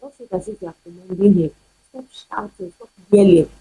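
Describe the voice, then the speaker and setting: Very husky woman pastor preaching. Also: mid-range voice, fairly quick, warm tone, low-quality recording. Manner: emphatic, repeats points, rhetorical questions. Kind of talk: sermon-style teaching video.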